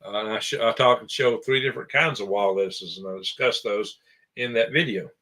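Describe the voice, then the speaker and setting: A man's voice: fairly low pitch, a little fast, bright, forceful tone. A man chatting casually on a podcast about his channels, rambling and correcting himself as he goes. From American. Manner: rambling, self-correcting, chuckling. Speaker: show guest and channel host.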